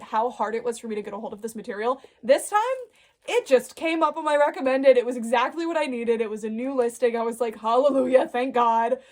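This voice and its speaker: A woman casually chatting in a home vlog, excitable and gushing, laughing often, filmed on a phone. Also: a little high. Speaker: doll vlogger. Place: home room. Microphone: phone camera.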